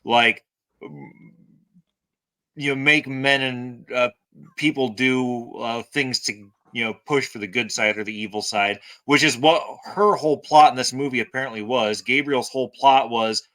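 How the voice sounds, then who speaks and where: Rambling bright-voiced male podcast co-host. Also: medium pitch, measured pace. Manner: rambling, hesitant, frequent fillers. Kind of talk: casual chat.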